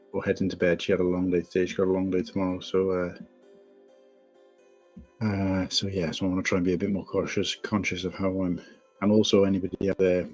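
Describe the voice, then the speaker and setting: A man hosting a casual live stream from home, rambling and greeting viewers by name. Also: deep voice. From England. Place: home room at night. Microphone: desk mic, no headphones. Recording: faint background music. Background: quiet background music.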